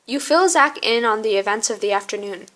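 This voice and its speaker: A woman's voice: on the high side, lively intonation, a little fast, fairly bright tone. A woman reading a story game aloud, narrating scenes and voicing her own character's lines. She sounds earnest and conversational, with a voice sitting a little above the usual for a woman.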